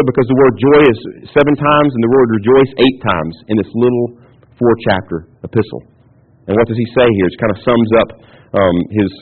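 Emphatic pastor on tinny radio. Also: male voice, medium pitch, husky. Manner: emphatic, repeats key phrases, rhetorical questions. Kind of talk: sermon. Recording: tinny phone-like radio broadcast.

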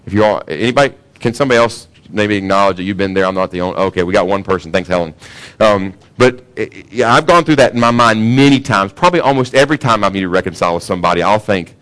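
A pastor preaching a sermon in a casual, conversational way, often asking the congregation questions. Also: male voice, lowish voice, lively intonation, quick pace, fairly bright tone. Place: church sanctuary.

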